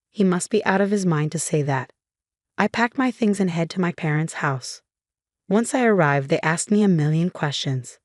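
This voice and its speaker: A woman telling a first-person story in plain, steady narration. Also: lowish voice, moderate pace, dry recording, clean studio sound.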